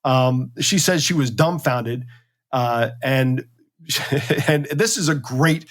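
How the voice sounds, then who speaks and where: A man's voice: medium pitch, slow. Male co-host, conversational, indignant, wry. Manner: indignant, sarcastic storytelling with fillers. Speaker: podcast co-host. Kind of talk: casual chat.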